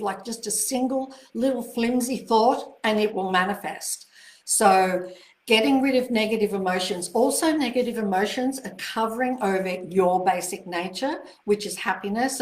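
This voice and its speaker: A woman's voice: medium pitch, echoey room, rough recording. A woman author answering viewer questions in a live online session, reassuring and encouraging. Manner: reassuring and encouraging, gushing over viewer greetings. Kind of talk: live online Q&A, casual talk.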